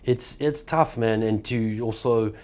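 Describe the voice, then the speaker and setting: A middle-aged man with a South African accent, chatting casually as an actor guest in an interview, relaxed and quick to laugh. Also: medium pitch. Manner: relaxed, laughs easily, says "man" and "bro".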